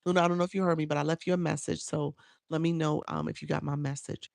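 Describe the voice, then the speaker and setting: Chatty woman with a gravelly voice. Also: low-pitched, level tone, fast, a little mellow, no room sound. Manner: chatty, repeats herself, answers viewers by name. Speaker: live streaming coach. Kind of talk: casual live stream Q&A. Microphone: phone.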